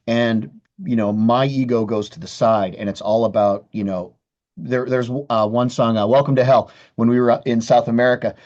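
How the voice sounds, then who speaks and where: A man's voice: medium pitch, fairly even intonation, normal speed, darkish tone, highs cut off. A man, a guitarist guest in a casual interview, talking candidly with frequent restarts and swearing. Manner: candid, profane, many restarts.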